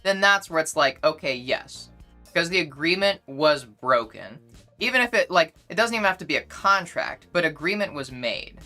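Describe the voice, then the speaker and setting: A young woman streamer argues her point to chat in a casual livestream, repeating herself insistently. Her voice is bright and forceful. Faint music plays in the background. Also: low voice, lively intonation, moderate pace.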